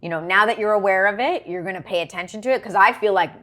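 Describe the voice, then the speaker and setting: A woman hosting an interview, asking curious follow-up questions in a relaxed, chatty way. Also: medium pitch, quick pace. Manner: curious, asks follow-up questions, laughs easily. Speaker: host. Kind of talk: casual interview chat.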